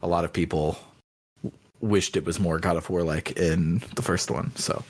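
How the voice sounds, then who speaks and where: Deep-voiced man sharing film trivia. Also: steady tone, moderate pace, a little mellow, slightly rough. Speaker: podcast co-host. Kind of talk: casual film discussion.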